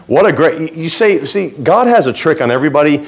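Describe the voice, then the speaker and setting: A male pastor preaching a sermon in a fervent, folksy way, swinging between quiet asides and loud exhortation. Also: on the high side, lively intonation, brisk.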